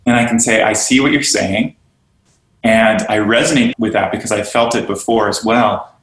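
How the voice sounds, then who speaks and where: A man's voice: lowish voice, normal speed. Earnest man in a roomy room. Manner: earnest, animated, acts out quoted voices. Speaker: guest, yoga studio owner and teacher trainer. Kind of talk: conversational podcast interview. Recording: roomy echo.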